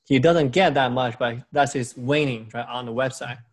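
A man chats casually as a podcast co-host. His speech is at an ordinary middle pitch. He rambles, restarts often and bends his English grammar. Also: fairly even intonation, moderate pace. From China. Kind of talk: casual chat.

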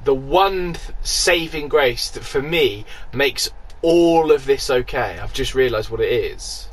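A man's voice: mid-range voice, unhurried, breathy edge. A man co-hosting a podcast, swearing freely and ranting jokily in casual banter. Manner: animated, sweary, jokey rants. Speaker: podcast co-host.

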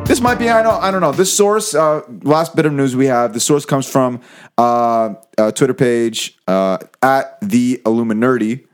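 A man on a casual podcast sharing entertainment news, hesitant and pausing often. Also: mid-range voice, soft background music. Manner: hesitant, many fillers and restarts. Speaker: podcast co-host. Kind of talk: casual chat, reading out news.

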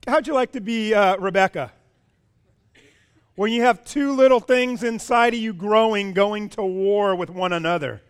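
A man preaching a sermon as a pastor, animated, asking his congregation questions and often repeating words. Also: high-pitched, normal speed, smooth.

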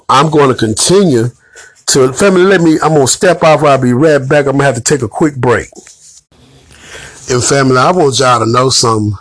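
A man's voice: mid-range voice, no echo. A man giving an emphatic, preachy commentary monologue straight to his audience. He calls his listeners family and swears bluntly. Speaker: online commentator.

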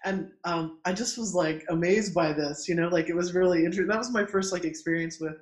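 Middle-aged male midwife, higher voice, chatty animated storyteller who acts out quotes, echoey room. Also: brisk. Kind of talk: casual storytelling in conversation. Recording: roomy echo.

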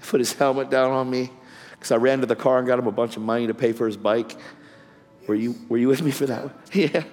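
A man with a mid-range, darkish voice preaches a testimony sermon fervently, using casual street slang and calling people "man" and "bro". Long hall reverb colors the recording.

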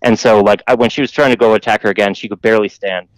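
A podcast host tells a long, meandering story at a very fast clip, swearing and filling gaps with fillers. His voice is lowish and steady in tone, and the recording is rough with no room sound.

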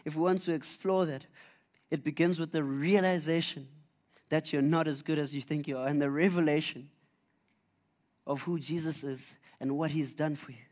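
A man's voice: on the high side, fairly even intonation, moderate pace, darkish tone. A man preaching a conversational sermon, telling Bible stories earnestly with frequent restarts.

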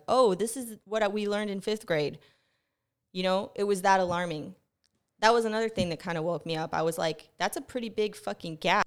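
A woman's voice: lowish voice, smooth. Profane, rambling young woman host. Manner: profane, animated storytelling, rushes then slows. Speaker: podcast host. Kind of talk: casual rambling monologue. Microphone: close mic picking up breathing.

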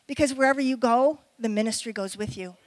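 Middle-aged woman preacher, conversational sermon style, high-pitched, dry sound. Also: no room sound, poor audio. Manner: conversational, with quick asides and questions to the audience.

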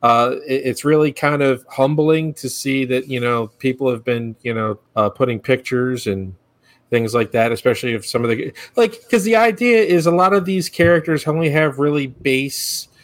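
A man's voice: medium pitch, moderate pace, dry recording. Easygoing man co-hosting a podcast. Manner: easygoing, frequent agreeing fillers. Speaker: podcast co-host and producer. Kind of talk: casual podcast chat.

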